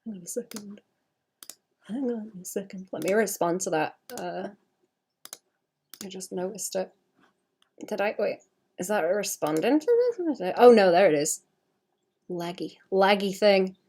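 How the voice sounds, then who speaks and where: A woman's voice: mid-range voice, lively intonation, measured pace, long pauses, a little mellow, breathy edge. A woman in her late twenties, an artist chatting casually on a livestream while drawing, swearing freely and laughing at herself. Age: late 20s.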